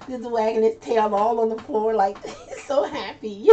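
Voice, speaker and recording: A woman's voice: on the high side, moderate pace, few pauses, mellow. A woman hosting a casual live chat, talking loosely with frequent laughs and restarts. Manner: chatty, laughs often, trailing restarts. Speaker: host. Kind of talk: casual chat reading viewer comments. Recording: distant lo-fi mic with faint noise.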